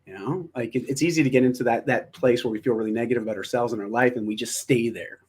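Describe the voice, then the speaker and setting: A man's voice: medium pitch, quick pace, slightly rough. A man speaking as an interview guest, reflective and encouraging, often restarting his phrases. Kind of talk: casual interview chat.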